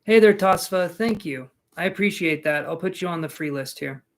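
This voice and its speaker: Chatty man reading tarot live, higher voice. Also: normal speed. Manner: chatty, reads viewers' names aloud and jokes. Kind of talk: casual live-stream chat.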